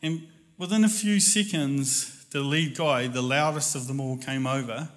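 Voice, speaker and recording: A man telling a personal story in a casual, animated way, laughing often and acting out voices. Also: mid-range voice, measured pace.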